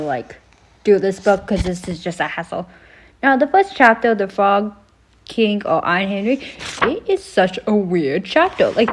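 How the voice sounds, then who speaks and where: A woman losing her voice, casually summarizing a book with lots of "like" fillers. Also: on the high side. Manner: rambling, filler-heavy with "like". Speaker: book vlogger.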